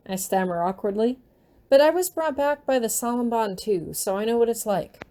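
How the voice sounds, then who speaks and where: Lady reading her own fanfic out loud, soft and warm, taking her time. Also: on the high side, normal speed. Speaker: fan fiction reader. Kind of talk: reading fan fiction aloud.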